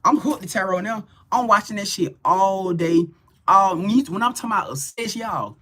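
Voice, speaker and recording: A man hosting a tarot livestream tells a story in loose, casual talk. His voice is very bright and forward, and he keeps turning to his viewers as y'all. He talks in an animated, excitable way and swears freely. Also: high voice, moderate pace, breathy edge. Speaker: tarot reader and livestream host.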